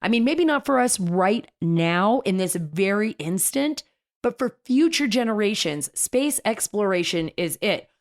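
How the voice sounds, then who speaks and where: A woman host delivers casual political radio commentary in an enthusiastic, chatty way. Her pitch sits in the middle range, and she often restarts her sentences mid-thought. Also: expressive, measured pace. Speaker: talk show host.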